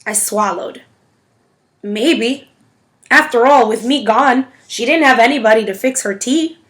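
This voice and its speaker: A woman narrating a novel in the first person, with an expressive storytelling manner. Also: on the high side, unhurried. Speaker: audiobook reader.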